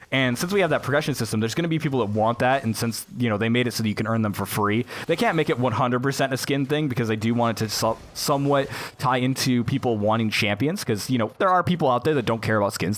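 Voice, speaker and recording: Young man, american accent, quick rambling delivery, casual gaming commentary, home setup. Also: medium pitch. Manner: rambling, conversational, with fillers. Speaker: gaming YouTuber. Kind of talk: casual commentary over gameplay.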